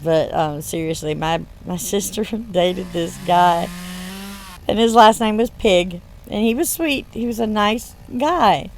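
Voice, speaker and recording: This woman, a gaming channel host born in Michigan and brought up in the US South, speaks with a Southern accent in a medium-pitched voice, a little slowly, with slight background noise. Her casual chat over gameplay rambles, and she laughs between words.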